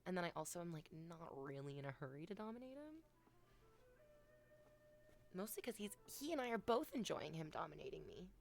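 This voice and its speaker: A woman with a slightly low voice chats with her stream audience from home, playful and crude. She teases her viewers directly in a loose, unscripted way, with faint music behind her. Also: expressive, a little fast, creaky. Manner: playful, teasing and crude, talking straight to chat. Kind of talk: casual live-stream chat. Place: home, talking to viewers with her dog nearby. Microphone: desk microphone, off camera.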